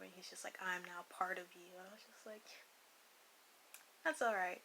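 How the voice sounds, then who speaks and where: A woman's voice: lowish voice, steady tone, normal speed, vocal fry, long pauses, pushed and bright, slight background noise, low-quality recording. A young woman telling a personal story in a casual, rambling way, often swearing and dropping into a whisper. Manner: profane, rambling, slips into whispers and laughs. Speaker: vlogger.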